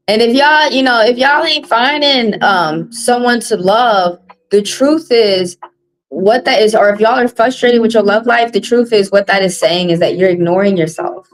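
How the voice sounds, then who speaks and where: A woman runs her tarot live stream with a casual, blunt monologue. She preaches and swears freely, and she hammers her points home by repeating them. Her voice sits in an ordinary middle pitch. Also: rough recording. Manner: blunt, preachy and profane, repeating phrases for emphasis.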